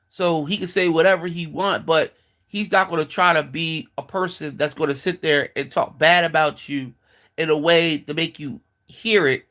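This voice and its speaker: A man's voice: on the high side, bright, forceful tone. A man giving a casual, blunt opinion monologue, mocking and profane, with lots of fillers and restarts. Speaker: commentator.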